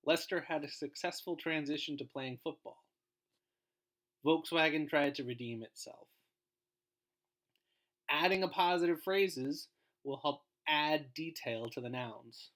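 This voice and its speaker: A man's voice: a little high, a little slow, pauses often, fairly bright tone. Guy explaining grammar in a chill lesson voice, trails off at the end of lines. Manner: informal, explanatory, drops in energy at phrase ends. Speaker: guest teacher.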